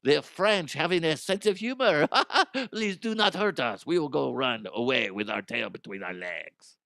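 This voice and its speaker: A man's voice: a little high, animated, unhurried, vocal fry, sharp tone, no echo, heavily acted. Dude playing a timid frenchman backing off, mumbly, dry sound. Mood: sheepish. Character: meek sheepish Frenchman backing down.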